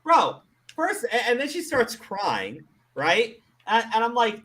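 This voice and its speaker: A man's voice: very high-pitched, huge pitch swings, takes it slowly, sharp tone. A man hosting a commentary show, ranting with exasperation and plenty of profanity.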